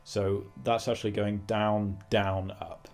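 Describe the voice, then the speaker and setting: A man with a fairly low voice teaches guitar in a relaxed, explanatory way. He thinks aloud as he goes and stops to sing rhythms out in syllables. Soft guitar can be heard underneath. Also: takes it slowly. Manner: thinking aloud with fillers and restarts. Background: guitar playing.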